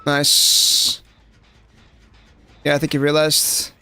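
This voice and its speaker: Gravelly gamer, chatty. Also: male voice, a little high, completely flat delivery, very slow, pushed and bright, faint music behind. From South Africa. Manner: casual, chatty, lots of "like" fillers, addresses chat. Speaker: streamer. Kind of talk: live gameplay commentary.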